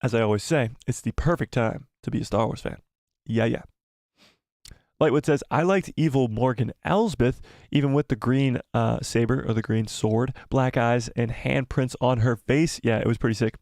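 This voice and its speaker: A man's voice: medium pitch, normal speed, darkish tone, no echo, clean studio sound. A man hosting a live fan stream, rambling and enthusiastic as he reads chat comments aloud, and his voice is wearing out. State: losing his voice.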